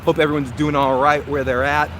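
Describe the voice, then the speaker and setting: Traffic noise surrounds a man hosting a casual live-stream review on foot in a park. He talks briskly with a flat delivery in a voice on the high side, rambling, chatting and correcting himself along the way.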